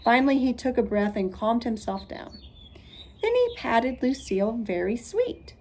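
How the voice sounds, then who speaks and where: A woman teacher reading a children's storybook aloud, expressive and clear. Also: fairly high pitch, measured pace, a little hiss or hum.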